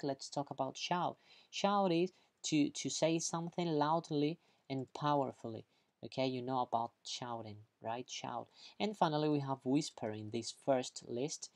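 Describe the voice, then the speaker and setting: In an online grammar lesson, a lively English teacher explains vocabulary in a casual, talkative way, speaking at an ordinary middle pitch. Upbeat and chatty, the teacher keeps checking understanding with a quick "okay?", playfully acts out each example, and laughs at their own jokes.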